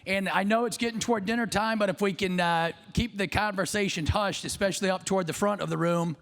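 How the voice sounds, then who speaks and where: A man's voice: high-pitched, steady tone, fast, vocal fry, fairly bright tone. A man hosting a live summit who is losing his voice, talking upbeat with many fillers in an event room before an audience. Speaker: summit host.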